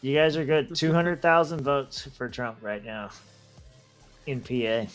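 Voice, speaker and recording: A man's voice: mid-range voice, expressive, fairly bright tone, dry recording, faint music behind. A man hosting a drinking livestream, working the screen share and reacting with profane jokes. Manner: profane, laughing, quick reactions. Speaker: podcast host running the stream. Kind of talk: casual livestream banter.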